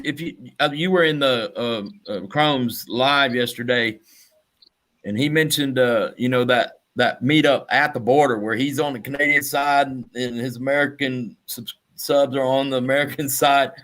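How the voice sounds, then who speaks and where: A man joins a casual livestream chat. He talks haltingly and fills his pauses with uhs. His voice sits in an ordinary middle pitch. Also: a bit bright. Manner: halting, many fillers.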